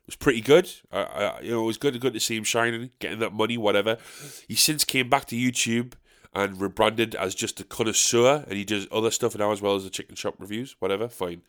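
Ranting North East English comedian man. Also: brisk. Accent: North East English (South Shields). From South Shields, England. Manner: exasperated ranting, swearing, with sharp high-pitched "what?" outbursts. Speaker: stand-up comedian. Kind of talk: casual monologue podcast.

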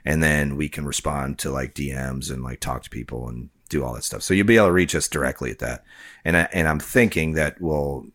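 A man with an extremely deep, low voice co-hosts a podcast in relaxed, unscripted chat. He rambles, restarts sentences and leans on fillers as he goes. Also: a little fast. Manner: rambling, self-correcting, lots of fillers. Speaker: podcast co-host.

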